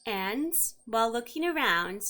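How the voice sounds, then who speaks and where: Slow-paced bright-voiced woman game master. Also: fairly high pitch, expressive, a little hiss or hum. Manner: wry asides to the players. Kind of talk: narrating a tabletop game.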